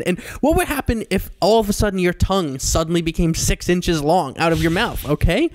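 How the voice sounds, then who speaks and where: A man co-hosting a comedy podcast in casual chat, animated and quick to jump into high comic voices. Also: no room sound, studio quality. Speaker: podcast co-host.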